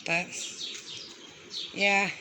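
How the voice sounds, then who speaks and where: A woman's voice: mid-range voice, flat delivery, extremely slow. A woman vlogging outdoors with a handheld phone, walking around and ranting in a fed-up way, swearing often. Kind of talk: walking tour vlog, complaining. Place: outdoors around a house with birds. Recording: noisy outdoor phone recording.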